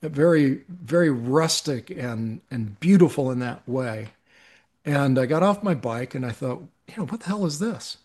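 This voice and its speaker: A man's voice: medium pitch, lively intonation, a little slow, darkish tone, husky. A middle-aged man, a podcast guest, telling a personal story in an earnest, reflective way, with frequent restarts.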